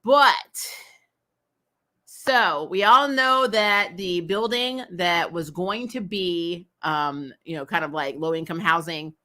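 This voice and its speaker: A woman talks through a TV episode in a loose, chatty way, full of fillers and quick laughs. Her voice is bright and a little tense, and she sounds openly exasperated and opinionated as she goes. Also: lowish voice. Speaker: host. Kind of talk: casual TV episode recap.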